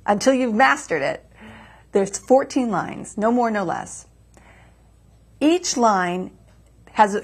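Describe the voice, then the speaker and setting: A woman with a slightly husky voice at mid pitch, reading her own verse and then patiently walking through poetic meter. She talks in a studio setting, teaching step by step. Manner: patient, explanatory, chants rhythms aloud. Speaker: poet and guest author. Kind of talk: reading a poem and explaining verse form. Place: community TV studio.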